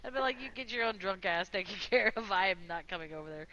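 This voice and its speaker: Crude grown man, deadpan, swearing, lively pitch, woman doing him, storytelling. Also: fast talker, dull audio, slight background noise. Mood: exasperated. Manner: profane, deadpan. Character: crude, blunt grown man, a long-suffering friend.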